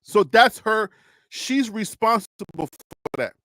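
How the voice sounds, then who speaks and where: A man's voice: high voice, animated, measured pace, fairly bright tone, dry recording. A man hosting a casual political discussion, laughing often, talking straight to one person and walking through things step by step. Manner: addresses a caller or chatter directly. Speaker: host.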